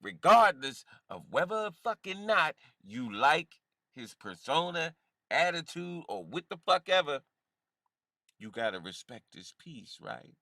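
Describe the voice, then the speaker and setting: Animated, mocking male streamer, dry sound. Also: on the high side, unhurried, no echo. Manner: heated, mocking, laughs often. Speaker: reaction streamer. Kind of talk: profane reaction commentary.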